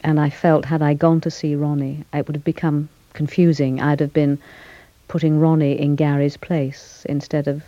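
An older actress giving a radio interview, speaking thoughtfully with frequent pauses, fillers and restarts. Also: female voice, sits low, level tone, dark tone, no echo, highs cut off. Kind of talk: reflective interview conversation.

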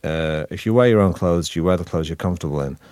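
A man's voice: sits low, fast talker, a little mellow, clear, resonant tone, dry recording, clean studio sound. A man with a Manchester accent, an actor chatting in an interview in a wry, self-deprecating way that rambles with restarts. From Manchester, northern England. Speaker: actor guest. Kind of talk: relaxed interview chat.

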